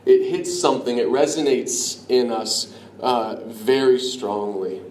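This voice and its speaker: A man preaching a sermon in an earnest, conversational way, dropping to a hush on key lines. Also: mid-range voice, a little slow. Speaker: pastor. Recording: echoey room with faint ambient noise.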